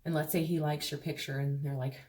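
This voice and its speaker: A woman's voice: low voice, level tone, a little fast, a little mellow. A woman giving a casual tarot reading, talking frankly and chattily, swearing freely and acting out quoted voices. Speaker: tarot reader.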